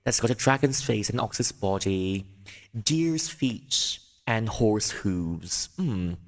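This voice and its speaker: A man voicing a male Qilin spirit in a mock newscaster manner, proclaiming blessings to shoppers, with a long reverb on the recording. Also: lowish voice.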